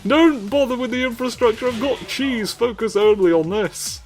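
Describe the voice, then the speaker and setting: A man's voice: very high-pitched, moderate pace, darkish tone, voice pushed up. Bloke doing a northern english guy begging someone to take his cheese, all theatrical, music faint in the back. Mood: pleading. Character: gushing cheese-offering northern man, eager, overjoyed.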